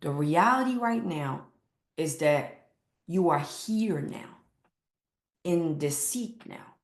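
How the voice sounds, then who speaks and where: A woman's voice: deep voice, expressive, takes it slowly, reverberant. A woman weight loss coach speaking to camera with emphatic, repeated motivational lines.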